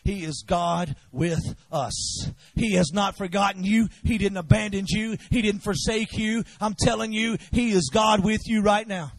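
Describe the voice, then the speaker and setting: A man from preaching a fiery revival sermon, swinging from shouted exhortation to low, intense urging and leading the congregation in call-and-response. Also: fairly even intonation, measured pace, few pauses, no room sound.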